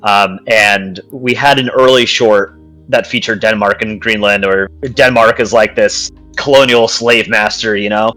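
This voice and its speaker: A man's voice: on the low side, fairly even intonation, a little slow, pushed and bright, soft background music, low-quality recording. A man co-hosting a podcast in casual chat, rambling easily from point to point. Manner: rambling, easygoing, "you know" fillers. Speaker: podcast co-host. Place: podcast studio.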